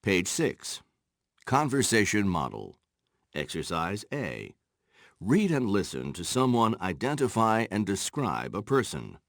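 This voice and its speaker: A man's voice: on the low side, wildly swooping pitch, vocal fry, dry recording, studio quality. A man reading scripted instructions for a language textbook recording. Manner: measured, announcing page and exercise numbers. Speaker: narrator of textbook audio.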